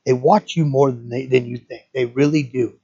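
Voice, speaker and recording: Gravelly, husky, middle-aged man, profane ranting podcast host, rambling, dull lo-fi sound. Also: medium pitch, fairly even intonation, normal speed, mellow. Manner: rambling with many restarts. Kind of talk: solo podcast rant.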